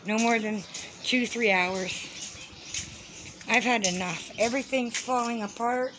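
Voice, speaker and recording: Fed-up woman vlogger, slightly high voice, swearing, on a noisy outdoor phone recording. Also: unhurried. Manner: fed-up, ranting, swears often. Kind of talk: walking tour vlog, complaining. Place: outdoors around a house with birds.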